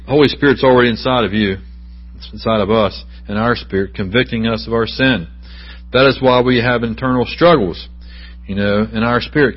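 A man's voice: mid-range voice, husky. A middle-aged man preaching a sermon in a church sanctuary, talking conversationally and putting questions to the congregation. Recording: dull lo-fi church recording.

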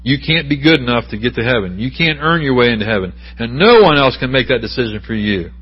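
Middle-aged male preacher, husky, conversational sermon delivery, muffled church recording. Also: mid-range voice, animated, fast talker. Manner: conversational preaching with asides and questions to the congregation. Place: church sanctuary.

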